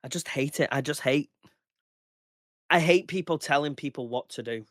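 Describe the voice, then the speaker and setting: Man, thirties, casual podcast rant, heated, swearing, bright forceful tone, dry sound. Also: a little high, moderate pace, dry recording. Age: 30s. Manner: heated, ranting, swears freely. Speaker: podcast guest.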